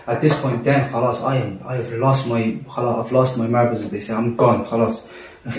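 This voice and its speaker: A young man telling a personal story in casual talk among friends, animated and full of restarts. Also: mid-range voice, quick pace. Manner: animated, acts out quotes, many restarts. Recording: roomy echo, distant mic.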